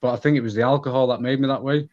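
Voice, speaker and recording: A man with a Manchester accent, a podcast guest chatting casually about himself in a relaxed, rambling way. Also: medium pitch, rapid-fire, highs cut off. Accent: Mancunian. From England. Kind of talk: casual conversation.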